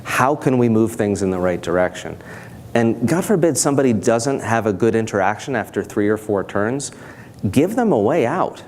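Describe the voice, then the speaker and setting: A man giving a conference talk in a thoughtful, measured way, now and then acting out bits of dialogue. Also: on the low side, expressive, darkish tone, a little hiss or hum. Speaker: conference speaker. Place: conference hall stage.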